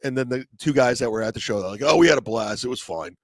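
A man's voice: medium pitch, lively intonation, fast talker, dry recording. A man telling a story casually, then arguing defensively and repeating accusations of lying. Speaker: call-in guest. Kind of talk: casual storytelling and heated argument.

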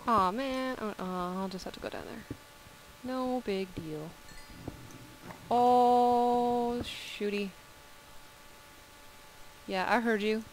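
A woman's voice: medium pitch, takes it slowly, long pauses, a bit bright, rough recording. A woman giving casual, playful commentary as she plays a video game, talking to the animals on screen. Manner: playful, chats to the game's animals. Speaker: video game let's-player. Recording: clear background noise.

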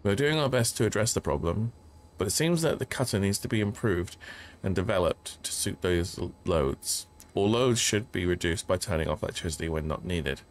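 A man's voice: sits low, animated, moderate pace, a little hiss or hum. A man streaming a horror game, reading notes aloud and joking as he plays. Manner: jokey, reads notes aloud, yelps when startled. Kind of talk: casual gameplay commentary.

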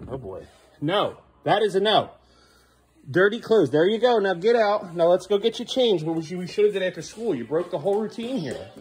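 A man's voice: high-pitched, very animated, brisk, a little mellow. A father filming a home vlog, firmly repeating short commands to his child as he tidies up indoors. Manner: firm, repetitive commands to a child. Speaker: father and vlogger.

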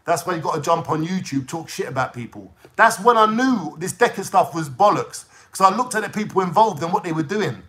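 A young London man with a London accent holds forth in an angry, swear-filled rant to his channel's viewers. His voice sits high for a man and comes out sharp and tense. He talks in street slang and keeps pressing his point. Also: animated, brisk, few pauses. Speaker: YouTuber ranting to viewers. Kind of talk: heated monologue.

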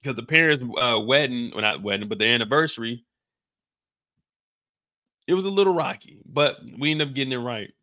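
A man hosting a casual TV recap, animated and slangy, often laughing. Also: mid-range voice, a little fast, long pauses, no echo, clean studio sound. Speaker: show recap host. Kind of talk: casual commentary.

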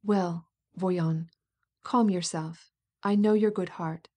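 A scheming older prince, impatient and insistent, pressing his point with smooth coaxing, as a woman narrator reads him. The voice stays mellow and warm. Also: fairly low pitch, steady tone, slow pace.

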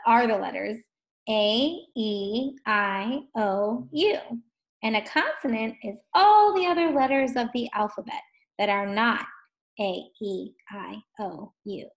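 A woman teaching a first grade phonics lesson at a distance, drawing out words slowly and gently asking young children questions. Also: on the high side. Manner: slow, drawn-out words sounded out for children.

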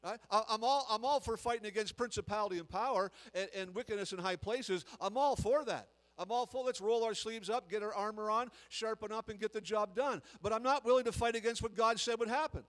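A man's voice: high voice, brisk, hardly any pauses, fairly bright tone, big-room sound, poor audio. A man, a guest preacher, delivering an emphatic sermon full of repetition and rising intensity.

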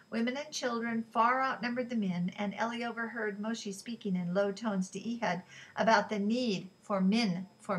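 Woman, audiobook narrator, steady, measured, mid pitch. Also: low-quality recording. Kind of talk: scripted narration.

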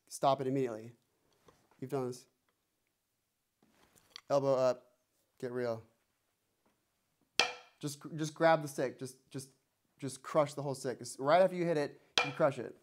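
A man's voice: mid-range voice, fairly even intonation, a little slow, long pauses. Man, drum teacher, teasing, counts aloud, noisy room. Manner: playful, teasing, mock-threatening. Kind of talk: one-on-one music lesson.

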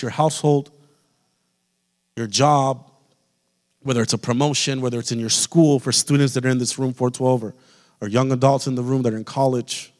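Male pastor, fervent sermon delivery, mid-pitched voice, long church-hall reverb. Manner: impassioned preaching, addresses the congregation directly. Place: church sanctuary.

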